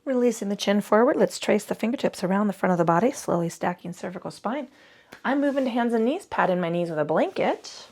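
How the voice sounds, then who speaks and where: Husky lady coaching yoga, rambles and cusses, a bit winded. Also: mid-range voice, animated, fairly quick, a little mellow. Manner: chatty, swears casually, laughs at herself. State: breathing heavily. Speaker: yoga instructor. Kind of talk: guided yoga class with chatty asides.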